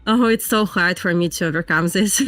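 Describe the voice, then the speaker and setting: A woman's voice: on the low side, normal speed, a bit bright, no echo, soft background music. A woman from Belarus with a Russian accent, a guest trader talking earnestly in casual interview chat over a video call. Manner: earnest, plain-spoken non-native English with frequent laughs.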